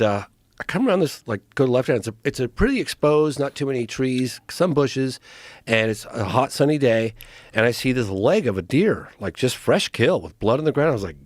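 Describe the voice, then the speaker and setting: A man's voice: mid-range voice, no room sound, studio quality. A man on a podcast as a guest, rambling through a story in casual chat and acting out his own thoughts. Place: podcast studio.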